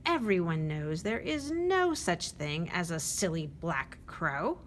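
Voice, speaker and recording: A woman's voice: fairly low pitch, big pitch swings, slow, slight background noise, pitched below the performer's own voice. A woman voicing a stern, bossy female crow in a picture-book read-aloud, speaking in a scolding, demanding way. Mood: haughty.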